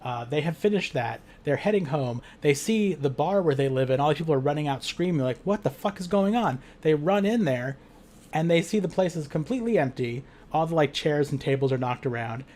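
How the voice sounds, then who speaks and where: Game-master type, male, rambling casual recap full of fillers and swearing, slightly high voice. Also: lively intonation, fairly quick, darkish tone. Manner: rambling, full of "like" fillers, profane, laughs a lot. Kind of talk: casual retelling of a tabletop game.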